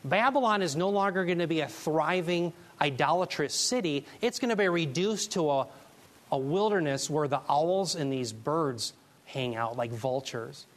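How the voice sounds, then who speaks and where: A man teaching a Bible class, preaching in an emphatic, animated way and taking questions from the class. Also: on the high side, moderate pace. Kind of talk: sermon.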